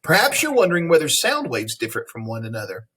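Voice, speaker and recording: Male teacher, husky tone, reads a lesson text aloud with playful asides to the class. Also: a little high, huge pitch swings, fast, sharp tone. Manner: friendly, playful asides to students.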